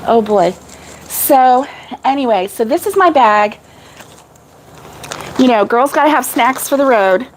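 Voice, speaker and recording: A woman's voice: sits high, lively intonation, unhurried, long pauses, a little hiss or hum, low-quality recording. A middle-aged woman chatting casually with live viewers about crochet, rambling and laughing often. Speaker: crochet vlogger.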